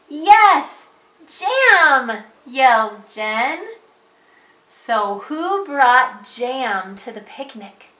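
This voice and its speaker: The echo of the room carries a preschool teacher's bright, slightly high-pitched voice as she patiently and slowly runs a children's reading lesson. She talks in a singsong manner, breaking into excited calls as she reads out loud.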